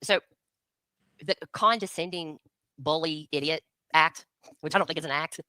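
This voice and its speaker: A woman's voice: low voice, normal speed, bright, forceful tone, no room sound. A woman in a livestream talk, blunt and combative, pressing her points hard. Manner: blunt, combative, repeated challenges. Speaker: livestream co-host. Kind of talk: heated casual commentary.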